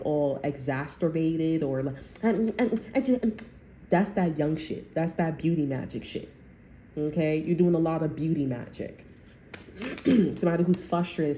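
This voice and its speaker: A woman talks through a tarot reading in a loose, rambling way and keeps checking in with her listeners. Her voice is low and mellow. The room gives it an echo, with a faint hiss behind it. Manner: rambling, chatty, often checking in with "okay?". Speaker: tarot reader.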